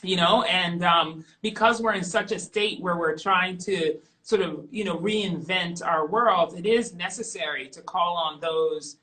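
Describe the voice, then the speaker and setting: Forceful, candid middle-aged woman guest. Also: lowish voice, unhurried, hardly any pauses, low-quality recording. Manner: emphatic, animated, repeats points for stress. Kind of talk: candid interview conversation.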